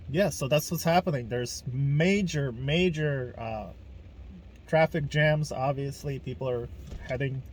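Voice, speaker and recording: A man's voice: mid-range voice, a little mellow. A man from Ukraine, hosting a casual podcast monologue in a blunt, emphatic way, swearing freely. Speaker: podcast host.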